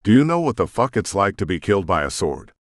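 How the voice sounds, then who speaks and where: A man's voice: low voice, very animated, fast talker, no room sound, studio quality. A man voicing a fierce foul-mouthed pirate woman with a slight British accent. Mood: vicious. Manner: vicious, profane.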